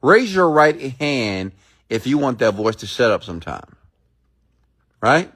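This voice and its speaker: A man's voice: mid-range voice, big pitch swings, measured pace, fairly bright tone. A man giving a casual motivational talk to viewers, emphatic and repetitive, often checking in with his audience and acting out the thoughts in their heads. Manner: acts out inner thoughts in quoted asides. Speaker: motivational speaker hosting a livestream.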